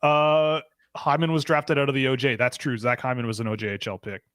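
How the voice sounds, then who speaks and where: A man's voice: medium pitch, little pitch movement, a little fast, fairly bright tone, no room sound. A man from Britain hosting a casual live stream, joking and laughing as he reads out chat questions. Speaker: podcast host.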